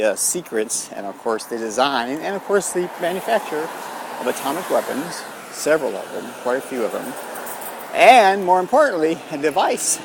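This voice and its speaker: A man's voice: mid-range voice, creaky, a little hiss or hum. A man telling a rambling story outdoors, meandering with frequent restarts and fillers. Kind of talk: rambling spoken tale.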